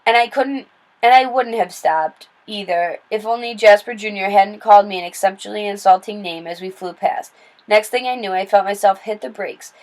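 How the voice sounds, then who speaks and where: A woman reading a children's novel aloud in steady, plain storytelling with small slips and restarts. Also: medium pitch, rough recording. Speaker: read-aloud narrator.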